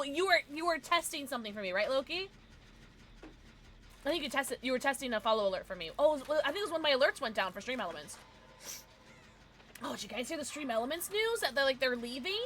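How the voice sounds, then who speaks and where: A young woman streams a game and chats with viewers, her voice riding high and swinging widely in pitch. She talks in an excitable, chatty way. Faint noise sits underneath. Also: moderate pace, pauses often. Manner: excitable, chatty, reacting to chat and gameplay. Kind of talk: casual gaming livestream chat.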